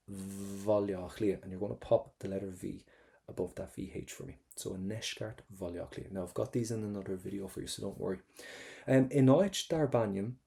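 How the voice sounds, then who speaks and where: An Irish man with a gravelly, warm voice leads an exam-prep lesson. He talks chattily, drills pronunciation over and over and throws in jokes. His voice sits a little low. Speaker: Irish language tutor.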